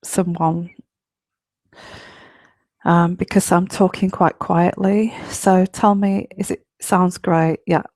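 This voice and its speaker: A woman hosting a live online radio show as a tarot reader, talking in a quiet, whispery voice at home late at night, chatty and rambling with many fillers. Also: fairly low pitch, level tone, slow pace, long pauses, no echo.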